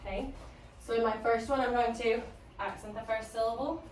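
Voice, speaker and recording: A woman's voice: on the high side, steady tone, brisk, a little hiss or hum. A woman teacher leading a phonics lesson, patient and prompting her student. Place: classroom. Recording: echoey room, from a distance.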